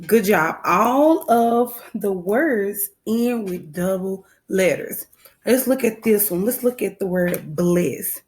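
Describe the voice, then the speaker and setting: A first grade teacher with a Southern American accent patiently guides young children through a phonics lesson, repeating her instructions. Her mid-range voice is animated yet slow.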